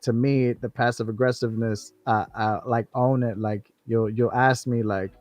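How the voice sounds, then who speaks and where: A man's voice: lowish voice, fairly even intonation, moderate pace, few pauses, darkish tone, no room sound. A man co-hosting a casual chat, speaking in a laid-back, slangy way and laughing easily. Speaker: co-host.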